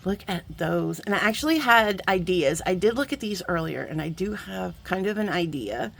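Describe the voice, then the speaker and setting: A woman's voice: on the low side, expressive, moderate pace, gravelly, a little hiss or hum. A woman, talking casually and gushing as she opens bead mail at her craft table for her viewers. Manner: gushing, effusive, chatty, many asides to viewers. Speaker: jewelry-making YouTuber opening bead mail. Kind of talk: casual chatty unboxing vlog.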